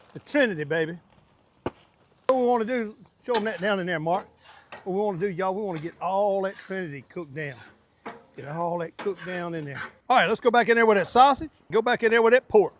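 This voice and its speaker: A man walks viewers through a big outdoor cook, his voice sitting high for a man. He talks in a hearty, excitable way and stretches out his exclamations, like a casual cooking show host. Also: a little hiss or hum.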